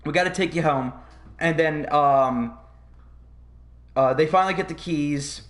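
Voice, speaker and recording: A young man hosting a podcast, telling a long story in a rambling, profane, animated way. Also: a little high, measured pace. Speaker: podcast host. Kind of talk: casual storytelling.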